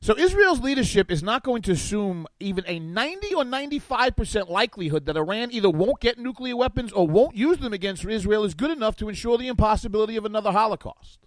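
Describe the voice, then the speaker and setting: A male guest host delivering political talk radio commentary into a studio microphone. His voice sits high and swings widely, in a sarcastic, animated riff on an article he reads aloud. The sound is dry, with no room echo.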